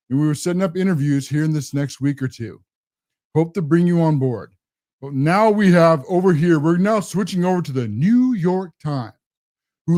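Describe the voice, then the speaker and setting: A man hosts his own political commentary show, delivering a combative, sarcastic rant. His voice sits a little high for a man, with a mellow, dark tone. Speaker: host.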